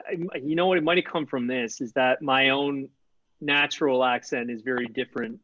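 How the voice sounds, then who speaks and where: A man's voice: mid-range voice, steady tone, normal speed, fairly bright tone. Man rambling on a video call. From Newfoundland, Canada. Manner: rambling, many fillers and restarts. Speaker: guest. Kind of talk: casual video call chat. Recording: dull lo-fi video call audio.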